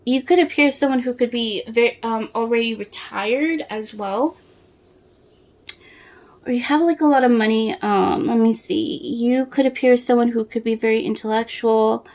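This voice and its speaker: A woman giving a casual tarot reading to the viewer, soft-spoken and rambling as she searches for words through fillers and restarts. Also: fairly high pitch, normal speed. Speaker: tarot reader.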